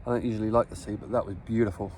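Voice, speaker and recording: A relaxed, chatty Englishman vlogging on a beach, swearing casually as he talks into a handheld phone. His voice sits fairly low. Clear outdoor wind and surf noise runs under the whole recording. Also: rapid-fire. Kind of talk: casual vlog narration.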